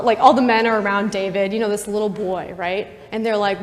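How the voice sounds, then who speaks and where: Young woman, campus missionary, casual Bible teaching, chatty with asides, fairly high, long chapel reverb. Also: normal speed. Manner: chatty, full of "like" and asides to the audience. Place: university chapel.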